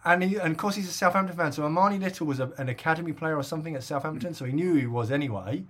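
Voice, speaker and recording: A man's voice: a little high, very fast, a bit bright, slightly rough. A middle-aged man from England telling a long story in casual podcast chat, with lots of fillers and laughs. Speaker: podcast co-host.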